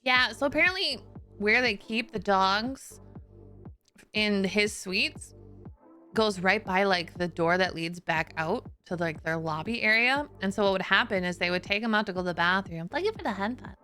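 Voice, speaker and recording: Woman streamer just chatting, laughs a lot, bright clear voice, some quiet music in the back. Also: medium pitch, moderate pace. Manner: chatty and storytelling, laughs often, many "like" fillers. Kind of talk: casual chat.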